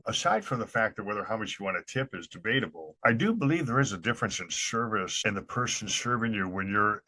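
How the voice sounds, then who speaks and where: A man's voice: on the low side, bright, forceful tone, no echo. A man hosting a casual podcast chat, talking in a blunt, opinionated way with some swearing. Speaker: podcast host.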